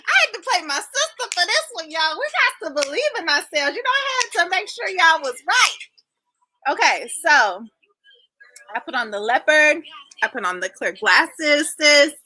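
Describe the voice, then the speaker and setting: A woman's voice: high-pitched, big pitch swings, moderate pace, bright, forceful tone, a little hiss or hum. A woman in her thirties hosting an online class livestream, chatting with viewers in a bubbly, effusive way and greeting them by name. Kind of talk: casual livestream chat with viewers.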